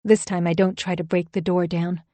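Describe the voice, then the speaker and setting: A woman narrates a first-person suspense audiobook with tense, emphatic delivery. Her voice is a bit low for a woman. It is recorded on a close mic with a dry, dead sound. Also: little pitch movement, moderate pace, warm tone, no echo.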